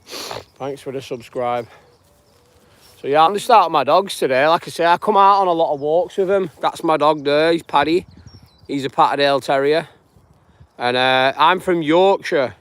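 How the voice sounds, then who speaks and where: A northern English man hosting a live stream, his voice sitting a bit high for a man and dry with little room sound. He rambles along in easy, friendly chat and greets viewers by name as he walks outdoors. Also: normal speed, pauses often, fairly bright tone, no room sound. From northwest England. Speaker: live-streaming channel host. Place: outdoors on a dog walk.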